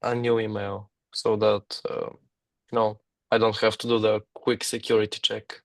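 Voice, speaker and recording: A man on a group call as a trainee, hesitant and halting, with many fillers. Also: on the low side, flat delivery, vocal fry, no echo.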